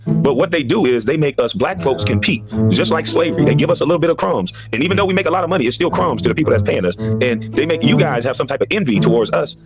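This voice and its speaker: A former basketball player in a heated podcast monologue, ranting with emphatic repetition. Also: male voice, on the high side, expressive, fast, over loud music.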